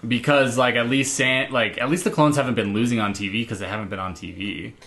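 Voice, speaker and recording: A man's voice: mid-range voice, steady tone, quick pace, fairly bright tone. A man co-hosting a wrestling podcast, chatting casually, rambling with many fillers and swearing. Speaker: podcast co-host. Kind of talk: casual chat.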